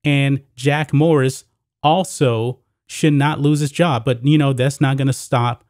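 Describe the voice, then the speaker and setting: Man, sports commentary host, mid-pitched voice, dry close sound, casual and direct. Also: fairly even intonation, unhurried, darkish tone, no echo. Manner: casual, addresses viewers as guys and folks. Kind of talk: solo sports commentary with a read ad.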